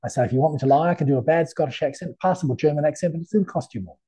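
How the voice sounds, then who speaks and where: A man's voice: on the high side, racing, dark tone, breathy edge. A middle-aged man, a tarot reader guesting on an interview, talking in a chatty, anecdotal way with many fillers. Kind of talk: casual interview conversation.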